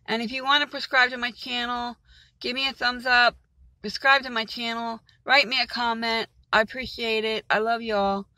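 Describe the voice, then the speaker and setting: A woman from Maryland rambles to her vlog audience, agitated and exasperated. Her voice is bright and a touch high. It sounds dry and close, with no room echo. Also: little pitch movement, moderate pace. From Maryland, USA. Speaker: vlogger.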